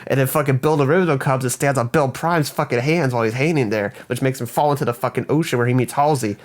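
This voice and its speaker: A man's voice: medium pitch, fast. A young man co-hosting a podcast, retelling a movie's plot in a rambling, swear-heavy way. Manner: profane, rambling plot retelling with mock voices for characters. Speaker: podcast co-host. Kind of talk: casual film recap.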